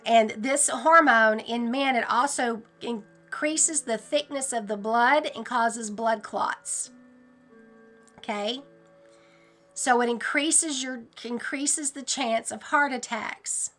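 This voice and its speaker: A woman hosting her own channel, speaking in a casual, animated and earnest monologue about her dreams. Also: on the high side, takes it slowly, faint music behind. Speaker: channel host sharing dreams.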